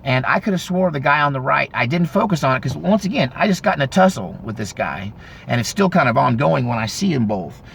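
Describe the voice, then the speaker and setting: Fifties guy with a gravelly voice rambling through a story, fixes himself mid-sentence, faint noise behind. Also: mid-range voice, a little fast. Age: 50s. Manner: rambling, animated retelling with self-corrections. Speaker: vlogger. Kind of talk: casual storytelling.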